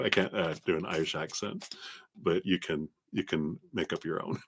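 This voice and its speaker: A man reading tarot cards on a live stream, talking in a gentle, reflective way and laughing often. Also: lowish voice, sing-song, normal speed. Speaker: tarot reader.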